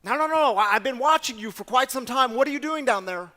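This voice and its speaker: A man voicing a stern male police officer who shouts demands from a bridge during a told story. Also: high-pitched, normal speed. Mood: demanding.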